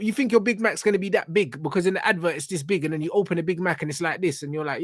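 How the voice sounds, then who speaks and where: A man's voice: sits high, animated, fast talker, hardly any pauses, no room sound, clean studio sound. A young man, ranting bluntly with lots of slang and swearing as he reacts to a video. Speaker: reaction channel host.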